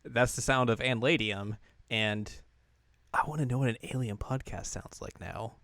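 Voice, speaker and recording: A man's voice: mid-range voice, normal speed, creaky, a bit bright, no echo. A man co-hosting a casual podcast, joking and laughing often, with plenty of fillers. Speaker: podcast co-host. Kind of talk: casual chat.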